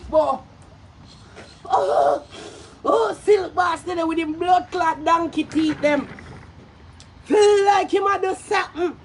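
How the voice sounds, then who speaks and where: Loud, very high-pitched Jamaican woman ranting. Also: slight background noise. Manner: loud, brash, profane, shouting bursts and cackling laughter. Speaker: social media commentator. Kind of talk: ranting commentary.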